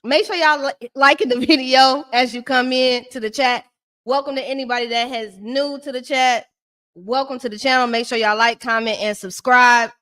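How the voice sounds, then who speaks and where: A woman hosting a live-stream recap of a reality show, talking in a sassy, shady, animated ranting way. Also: high-pitched, normal speed. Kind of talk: casual live-stream commentary.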